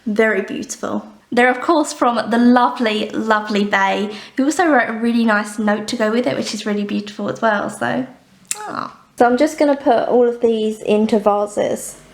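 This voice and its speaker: A woman's voice: on the high side, normal speed. Chatty young woman book vlogger. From England. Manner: chatty, rambling, with frequent laughs. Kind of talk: casual vlog chat.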